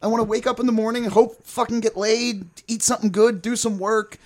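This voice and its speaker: A man's voice: high voice, level tone, fairly quick, darkish tone. A man in his forties telling rambling, profane stories in a casual podcast chat. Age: 40s.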